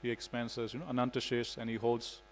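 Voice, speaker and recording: A man's voice: mid-range voice, level tone, fast, soft background music, rough recording. A man giving a devotional scripture class in a temple, telling stories in a casual way with frequent "you know". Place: temple hall.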